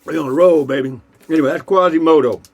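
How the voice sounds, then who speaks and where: This man's voice sits on the high side with a darkish tone, and he talks quickly. A vlogger telling jokes casually, he rambles in a folksy way, tosses in plenty of asides, and breaks between jokes to raise a toast and take a sip of beer.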